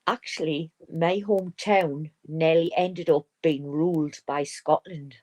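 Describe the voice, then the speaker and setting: A woman from North East England with a broad Geordie accent, talking casually on an online panel. Her voice sits a little low, and she explains at length in a loose, slangy way. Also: fairly even intonation, unhurried, darkish tone. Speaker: panel guest. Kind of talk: casual live-stream chat.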